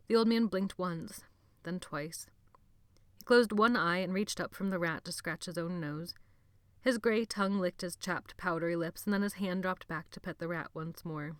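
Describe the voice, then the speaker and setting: A woman narrates a novel in a slow, measured reading. Her voice sits a little low, and the recording is close and dry, with no room sound. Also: clear, resonant tone, no room sound. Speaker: audiobook narrator. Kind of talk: scripted narration.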